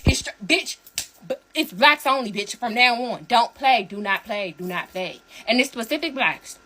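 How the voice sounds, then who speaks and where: A high-pitched woman rants to the camera, her bright voice heated and emphatic. She swears freely and repeats herself for effect. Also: expressive, moderate pace. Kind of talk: angry rant to camera.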